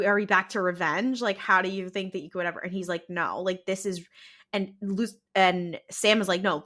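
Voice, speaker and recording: A young woman co-hosting a podcast, casually retelling TV scenes and acting out the characters' lines. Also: mid-range voice. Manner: animated retelling with quoted voices and laughter. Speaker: podcast co-host. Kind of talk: casual recap chat.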